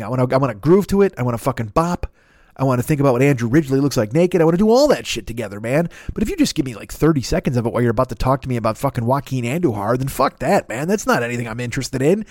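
A man's voice: mid-range voice, expressive, fast talker, a little mellow, no room sound, clean studio sound. A man in his fifties, a podcast host, delivering a profane, rambling comedic rant that keeps interrupting itself. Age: 50s.

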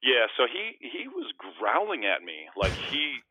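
A man's voice: mid-range voice, wildly swooping pitch, measured pace, pushed and bright, slightly rough, no echo. A man, a podcast guest, telling self-deprecating, rambling anecdotes with lots of restarts in a casual interview. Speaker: podcast guest, former basketball player. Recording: dry, tinny phone-like line.

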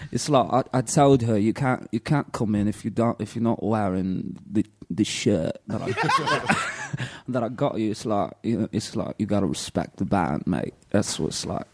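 A dazed 1980s British rock star, as a man puts him on for laughs, drawling and rambling in halting bits. The voice is husky and breathy, and its pitch swoops around a lot. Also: very animated, a little mellow, no echo, heavily acted. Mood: dreamy. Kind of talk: comedic impression in casual chat.

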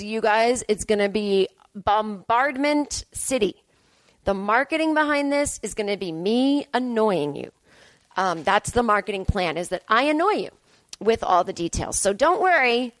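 Her voice sits on the high side, recorded with no room sound, as this young adult woman comedian rambles through a self-deprecating story. The casual podcast monologue, which she hosts, is thick with fillers.

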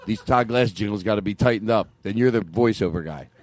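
A man hosting a comedy podcast, excitable and quick to laugh. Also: fairly low pitch. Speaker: host.

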